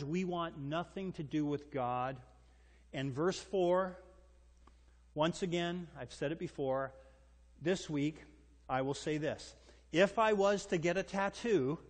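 A man preaching a sermon, animated and emphatic, firing rhetorical questions at his congregation. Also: fairly high pitch. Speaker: pastor. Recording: long hall reverb.

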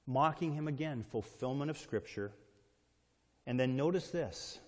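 A man's voice: mid-range voice, unhurried. Emphatic preacher man in a reverberant hall. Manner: emphatic, asks the congregation questions. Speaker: pastor. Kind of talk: sermon.

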